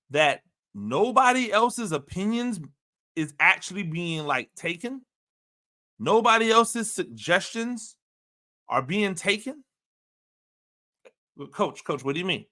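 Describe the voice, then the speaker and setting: A man's voice: sits high, sharp tone. A man giving opinionated sports commentary, talking emphatically and repeating himself with rhetorical questions.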